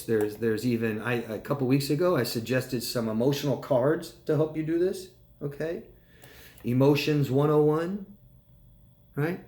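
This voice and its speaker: A man working as a life coach, answering viewer questions live in a calm, conversational way. He keeps checking in with "right?" and "okay?". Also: mid-range voice, echoey room. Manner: calm and reassuring when advising.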